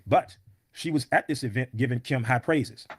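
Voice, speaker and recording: A man's voice: mid-range voice, normal speed, breathy edge, dry recording. A man in an interview, telling a story in a blunt, emphatic, often profane way. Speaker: podcast guest.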